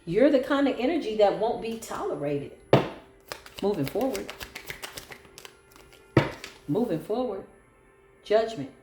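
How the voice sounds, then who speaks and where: Sassy woman tarot reader, mid pitch, roomy echo, faint music under her. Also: animated, unhurried, long pauses. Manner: sassy, sarcastic, preachy. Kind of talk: solo tarot reading. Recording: echoey room with faint music.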